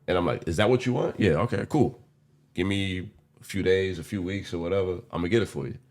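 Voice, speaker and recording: A man's voice: low-pitched, steady tone, fast talker, darkish tone. A man in his forties co-hosting a podcast, talking candidly and rambling with slang and the odd curse. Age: 40s. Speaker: podcast co-host. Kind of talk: casual chat.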